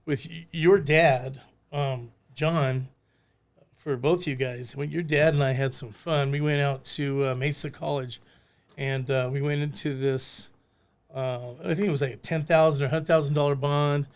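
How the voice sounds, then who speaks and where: Gravelly older man telling lively stories. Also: fairly high pitch, unhurried. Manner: animated, acts out voices in his stories. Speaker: podcast guest, former bail bondsman. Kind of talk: casual storytelling chat.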